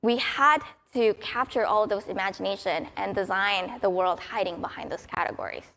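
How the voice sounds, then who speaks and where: A woman's voice: mid-range voice, animated, normal speed, vocal fry, a bit bright. A young adult woman giving a prepared conference talk in an upbeat, storytelling way. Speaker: conference speaker.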